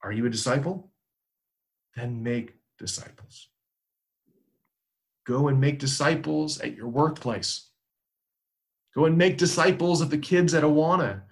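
Gravelly pastor preaching emphatically. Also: male voice, fairly high pitch, unhurried, long pauses. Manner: emphatic, repetitive exhortation. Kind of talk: sermon.

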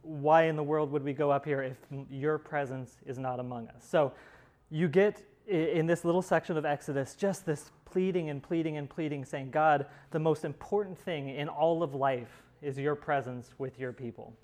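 Man leading a Bible class, slightly higher voice, loose and conversational with fillers. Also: moderate pace, a little mellow. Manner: conversational, explains with many fillers and restarts. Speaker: Bible study teacher.

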